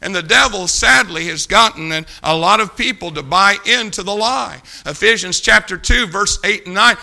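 A male preacher delivers a sermon in a high, very bright voice. He pleads and presses his points hard. His volume swings from loud to soft. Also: normal speed, creaky, hardly any pauses.

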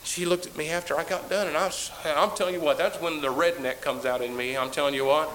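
A man preaching a sermon as a pastor, telling a story and swinging from hushed tones to booming exclamations. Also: steady tone, quick pace, a little hiss or hum, low-quality recording.

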